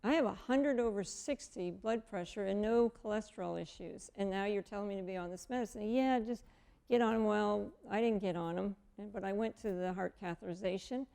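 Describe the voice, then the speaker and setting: Fifties woman, gravelly voice, personal testimony, acts out each quoted exchange. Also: mid-range voice, a little fast. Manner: animated, acts out quoted dialogue. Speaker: guest telling her story.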